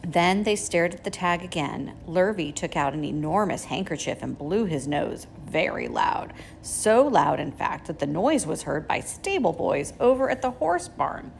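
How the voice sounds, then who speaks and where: A woman teacher reading a children's chapter book aloud in a gentle, measured way. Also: fairly low pitch, expressive, gravelly, slight background noise. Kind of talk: storybook read-aloud.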